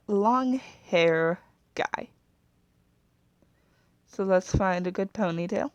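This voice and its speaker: Woman, slow chatty narration, dry close sound, self-correcting, trails off. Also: on the low side, clear, resonant tone, no echo. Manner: chatty and apologetic. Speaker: video creator. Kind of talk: casual narration while designing a character.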